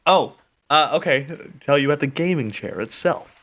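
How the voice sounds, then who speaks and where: A man's voice: fairly high pitch, expressive, normal speed, a bit bright. A young man co-hosting a casual podcast, laughing often and poking fun at himself. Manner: giggly, self-mocking, trails off. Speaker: podcast co-host.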